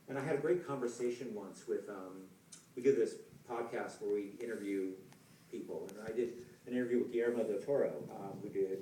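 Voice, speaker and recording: A man's voice: on the low side, dark tone, slight background noise. A man giving a conference talk about game design in a casual, conversational way, with plenty of fillers and restarts. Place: large lecture hall. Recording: echoey hall, heard from a distance.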